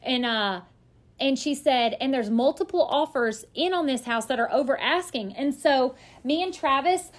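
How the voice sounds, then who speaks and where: A woman in her thirties, a podcast guest, telling a story in lively casual chat and acting out what other people said. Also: high voice. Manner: lively, quick to act out other people's lines.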